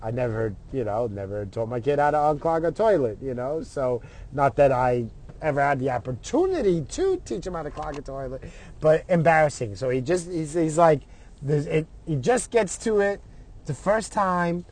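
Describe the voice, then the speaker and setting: A man's voice: a little high, normal speed. Swearing middle-aged man telling a story. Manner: profane, animated, quotes others in his own voice. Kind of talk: casual storytelling.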